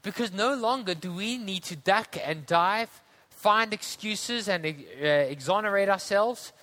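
A man from delivers a sermon. His voice sits high and rings bright, and he moves between earnest storytelling and easy conversational asides. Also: lively intonation, a little slow. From South Africa. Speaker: preacher.

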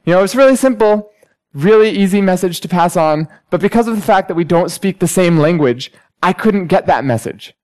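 A young man delivers a sermon in a smooth, clear voice that sits a little high for a man. He mixes teaching with personal stories and acts out everyday conversations with animated energy. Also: fairly quick, low-quality recording. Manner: storytelling, animated when acting out conversations. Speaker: preacher.

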